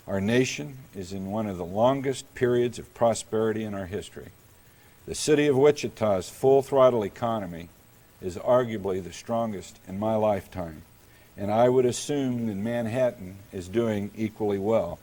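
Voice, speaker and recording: A middle-aged man from Kansas, a mayor, delivering a prepared public lecture in a measured, deliberate storytelling manner. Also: fairly low pitch, darkish tone.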